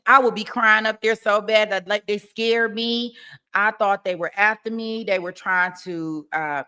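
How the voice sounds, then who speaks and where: Animated laughing woman, bright voice. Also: medium pitch, measured pace, smooth. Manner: animated, laughing, acts out mock crying testimony. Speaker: true-crime trial commentary host. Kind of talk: casual livestream commentary.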